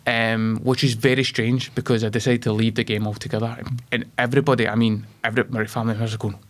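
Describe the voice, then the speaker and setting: A Scottish man in his twenties, a guest telling his life story in an interview, emotional and animated. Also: mid-range voice, fast talker. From Scotland.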